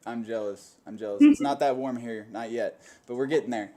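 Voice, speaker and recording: A man's voice: medium pitch, fairly quick, mellow. A man hosting a panel web show with upbeat show-host patter.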